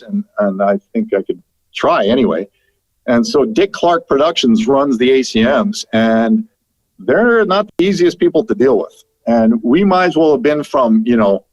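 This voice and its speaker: A middle-aged man from Canada, a longtime radio broadcaster, telling lively stories as a podcast guest. He laughs often and acts out the lines people said. The sound is dull and dry. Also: mid-range voice, no echo. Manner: animated anecdotes, laughing, acting out quotes. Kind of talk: storytelling in a podcast interview.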